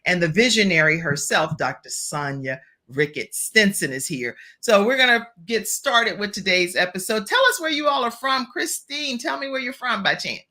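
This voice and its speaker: A woman from Virginia hosting a virtual talk show, chatty and animated, speaking straight to her audience. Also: mid-range voice, normal speed, few pauses.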